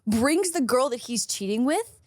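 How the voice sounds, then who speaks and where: A young woman co-hosting a casual podcast, her voice a touch high and swinging widely as she tells a story. She fills her talk with "like" and acts out other people in a higher, put-on voice. The sound is dry and close. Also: normal speed, no room sound. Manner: animated, lots of "like", quotes people in a high put-on voice. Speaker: podcast co-host.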